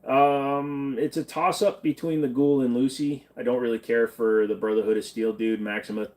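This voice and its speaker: A man's voice: medium pitch, fairly even intonation, moderate pace, darkish tone. A man hosting a casual live-stream Q&A, reading chat questions and answering bluntly in an offhand drawl, tired and in pain. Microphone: desk mic, sitting farther back than usual.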